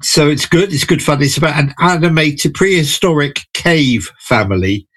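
A man talking enthusiastically about films on the radio, casual and chatty with a few halting restarts. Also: fairly high pitch, a bit bright, no echo. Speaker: film reviewer. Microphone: studio microphone.

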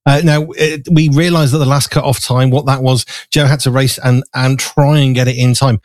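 A male host of a live studio chat show talks at a moderate pace, his medium-pitched voice showing little pitch movement. He rambles with fillers between bites, slightly out of breath, in a small studio with no room sound.

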